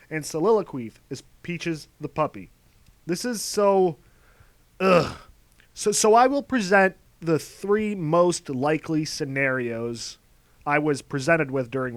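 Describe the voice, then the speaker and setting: A man narrating a scripted video essay with sardonic exasperation. His voice sits a touch high. The recording is dry and close. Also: fairly bright tone, no echo.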